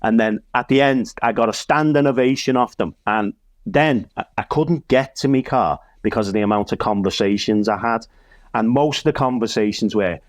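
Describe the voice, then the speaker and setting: A man with a Liverpool accent tells a lively anecdote in an ordinary mid-range voice. He acts out the dialogue as he goes. The recording is dry and close. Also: medium pitch, moderate pace, dry recording. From Liverpool, England. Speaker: guest comedian and minister. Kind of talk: casual anecdote.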